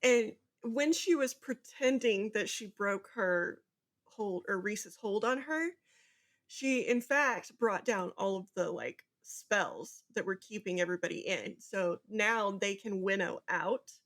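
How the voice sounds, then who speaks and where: A woman co-hosting a book podcast, recapping chapters in easy, casual chat. Her voice sits at an ordinary middle pitch. She keeps things moving, slipping into quick character voices as she tells the plot. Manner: animated retelling, acts out character lines. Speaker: podcast co-host.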